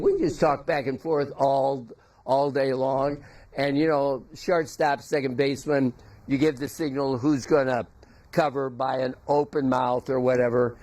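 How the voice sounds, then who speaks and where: An older man giving a memorial tribute, telling folksy, halting anecdotes about a former teammate. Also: mid-range voice, steady tone, darkish tone.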